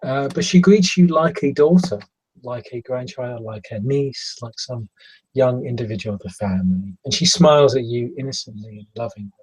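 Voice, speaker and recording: A man narrating as game master in a tabletop role-playing game, halting and searching for words. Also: mid-range voice, animated, slightly rough, poor audio.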